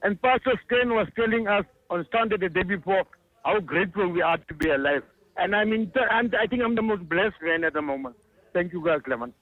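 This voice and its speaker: An older man speaks earnestly over a tinny phone line and keeps restarting his words. His voice sits high for a man. The line is dry and close. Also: brisk, dry recording. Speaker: caller. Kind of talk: phone-in testimony.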